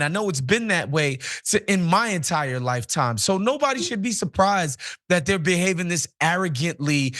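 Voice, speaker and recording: A man's voice: sits high, a bit bright. A man giving blunt, indignant commentary on a news show.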